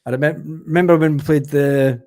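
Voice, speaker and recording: A Scottish man swapping swearing, animated anecdotes in a casual podcast chat. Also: on the high side, fairly quick. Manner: animated storyteller, swears freely. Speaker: podcast guest or panelist.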